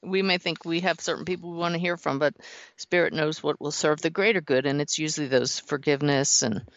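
A woman's voice: low-pitched, fairly even intonation, a little fast, no echo, lo-fi sound. A woman hosting an interview, affirming and encouraging her guest as they talk. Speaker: host. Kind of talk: interview chat.

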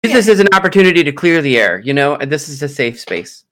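A man hosting a casual sports podcast, joking and rambling with quick asides. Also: on the high side, big pitch swings, fairly bright tone. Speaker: podcast host.

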